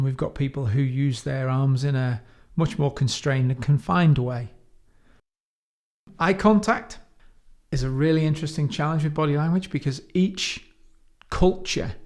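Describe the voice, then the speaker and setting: A man from the United Kingdom explains coaching ideas in a calm, instructive way. He keeps his pitch in an ordinary middle range and slows his delivery to lean on the key words. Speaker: coach trainer. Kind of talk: explanatory teaching talk.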